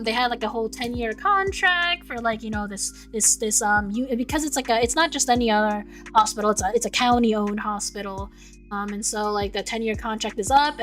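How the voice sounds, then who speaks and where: A young woman with a high-ish, fairly bright voice streams casual chat and reads out messages from her chat. She stumbles over and repeats her words, laughing often.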